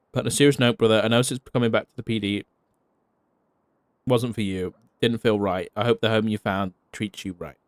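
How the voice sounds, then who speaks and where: A man's voice: mid-range voice, no echo, clean studio sound. A man reading a farewell letter aloud in a role-play, heartfelt but salted with wry, profane asides.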